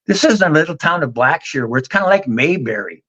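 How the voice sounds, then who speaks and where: A man's voice: a little high, lively intonation, fairly quick, fairly bright tone. A middle-aged man, telling a long story in a folksy, drawling way on a casual talk show. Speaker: guest on a vinyl community live show.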